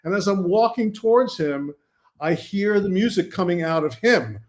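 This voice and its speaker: Guy from brooklyn with a pretty high voice, telling set stories and quoting everybody. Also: normal speed. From Brooklyn, New York. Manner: animated anecdotes, quotes himself and others. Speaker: guest film director. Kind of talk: casual storytelling.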